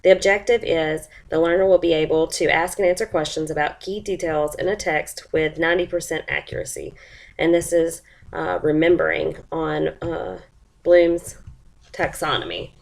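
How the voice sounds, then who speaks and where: Congested with a cold, a woman with a low, creaky voice and fairly even intonation walks through a lesson plan for first grade. She slowly reads a picture book aloud, using character voices and sound effects.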